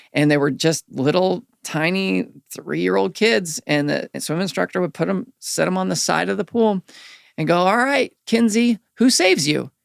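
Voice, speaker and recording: A middle-aged man speaks as a podcast guest, his voice sitting somewhat high and carrying a gravelly fry. He talks candidly and earnestly, and grows animated as he tells stories. The sound is dry and close, like a studio mic. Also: no room sound. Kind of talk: reflective storytelling in a podcast interview.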